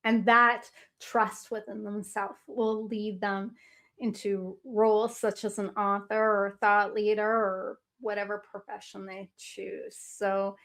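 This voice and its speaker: An enthusiastic woman hosting an author interview, warm in her affirmations and prone to long, winding questions. Her voice is wearing thin, as if she is losing it. She sits at a middle pitch. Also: little pitch movement, slow. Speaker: podcast host.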